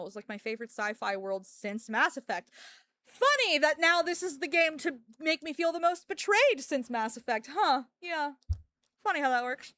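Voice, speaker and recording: A young woman chats on her livestream, ranting and joking in a sarcastic tone. Her voice sits a little high and moves all over the place as she talks. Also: fairly bright tone, no echo. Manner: ranting, sarcastic, laughs often. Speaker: streamer. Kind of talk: casual livestream chat.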